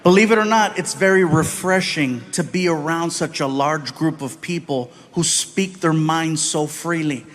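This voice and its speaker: A man from the United States doing animated stand-up storytelling on a live comedy stage, acting out voices and swinging between loud and soft. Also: on the high side, measured pace, hardly any pauses.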